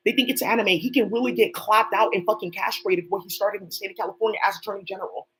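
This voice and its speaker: This woman runs her own channel and rattles off a profane, unscripted monologue, speaking to people who aren't actually there. Her medium-pitched voice has fairly even intonation and a slightly bright quality, captured in a low-quality recording.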